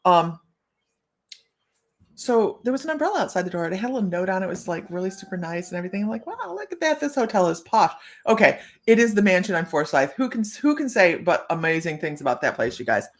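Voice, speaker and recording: A woman hosts a psychic live stream in a casual chat, speaking fast in a fairly low voice with lively intonation. She tells stories in a bubbly, rambling way and laughs often.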